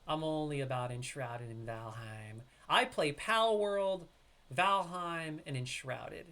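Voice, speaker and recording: A man casually commenting on his game during a live stream, chatting with viewers and now and then breaking into loud excited yelps. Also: on the high side, slow.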